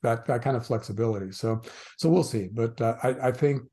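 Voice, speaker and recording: A man with a mellow, darker voice speaks as a podcast guest. He explains things casually, with dry irony. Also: medium pitch, brisk. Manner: dry ironic, hesitant with fillers. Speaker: guest commentator. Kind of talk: casual interview chat.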